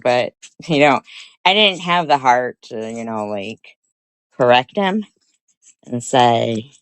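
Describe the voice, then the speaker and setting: A woman's voice: extremely low pitch, dry recording. A woman vlogger casually telling a rambling story, swearing and laughing often.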